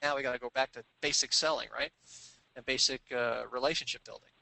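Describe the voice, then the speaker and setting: A man telling a sales anecdote in an animated, conversational way, acting out the people he quotes. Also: mid-range voice, brisk, creaky, low-quality recording. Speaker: sales trainer telling a story. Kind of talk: storytelling business talk.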